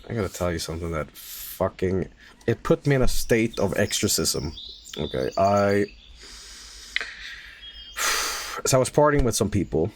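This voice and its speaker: Animated, swearing male streamer. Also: low-pitched, slight background noise. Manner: animated, swearing, rambling storytelling with stammers. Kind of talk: casual livestream chat while gaming.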